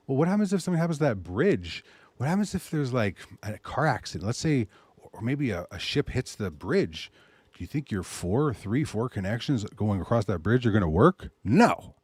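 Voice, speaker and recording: A man hosting a show, pitching his service in a loose, animated way and muttering asides to himself. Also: normal speed, slightly rough, dry recording. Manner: animated salesy pitch, mutters asides while browsing pictures. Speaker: host. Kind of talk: casual promotional talk.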